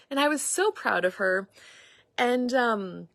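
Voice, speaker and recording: Middle-aged woman host, higher-pitched, rambling casual monologue, close and dry. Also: expressive, takes it slowly, creaky, fairly bright tone, dry recording. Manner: chatty, meandering, acts out quoted dialogue. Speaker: podcast host and facilitator.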